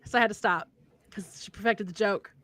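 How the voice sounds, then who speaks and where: A woman's voice: mid-range voice, brisk, no echo. A young woman hosting a casual livestream chat, telling stories with lots of laughter. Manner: animated storyteller, laughs often. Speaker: podcast host.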